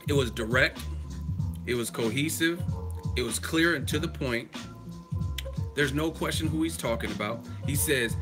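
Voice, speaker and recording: A man's voice: mid-range voice, moderate pace, music in the background. A man from the United States hosting a live stream, ranting emphatically with profanity and rhetorical questions. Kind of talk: casual live-stream commentary.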